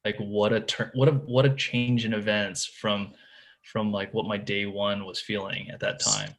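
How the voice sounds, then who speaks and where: A man's voice: lowish voice, flat delivery, normal speed, creaky, a little hiss or hum. Laid-back man telling a fishing story. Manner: casual, lots of "like", "dude" and "man"; restarts and repeats words while telling the story. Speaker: podcast guest, tournament bass angler. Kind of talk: casual storytelling interview.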